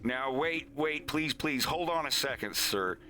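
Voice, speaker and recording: A man's voice: low-pitched, fairly even intonation, measured pace, bright, forceful tone, soft background music. A man voicing a nervous one-eyed male wolf pilot who stammers and pleads. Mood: pleading.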